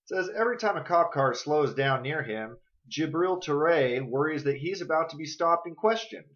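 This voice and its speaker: An angry man rants straight at his viewers in a home vlog, swearing hard and jabbing with questions. His voice sits a touch high, and the lo-fi webcam audio sounds dull and muffled. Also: expressive, moderate pace, fairly bright tone. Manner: angry, profane, confrontational, addresses viewers directly. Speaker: vlogger. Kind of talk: ranting political vlog.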